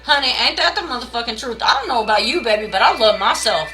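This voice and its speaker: Fast, animated and sharp, this woman's fairly high voice comes through poor audio with soft music underneath. Doing late-night tarot on a live stream from home, she rants and curses heavily, speaks bluntly, greets chat by name, and calls viewers baby and y'all.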